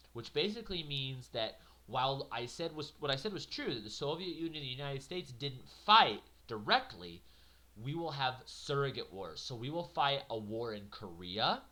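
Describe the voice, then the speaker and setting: A man lecturing on history with a bright, forceful tone. He talks casually and with lots of energy, dropping playful asides and checking in with the class as he goes. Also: medium pitch. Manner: conversational, animated, jokey asides. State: yawning, a little tired. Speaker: teacher.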